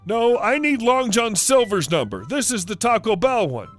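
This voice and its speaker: A man voicing a shrill, entitled, angry middle-aged woman customer who makes indignant demands. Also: big pitch swings, normal speed, soft background music. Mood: huffy.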